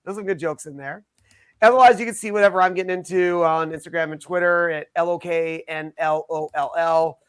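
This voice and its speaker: A man co-hosting a casual podcast, chatty and joking, full of quick asides. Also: on the high side, fairly even intonation, clear, resonant tone, no echo, studio quality. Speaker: podcast co-host. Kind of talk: casual chat.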